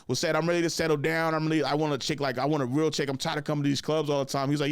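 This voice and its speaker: A man's voice: on the high side, flat delivery, rapid-fire, hardly any pauses, clean tone, no echo, studio quality. A man in his thirties hosting a podcast, telling a story casually with frequent laughs and "like" and "right?" fillers. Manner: laughs often, fills with "like" and "right?". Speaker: podcast host.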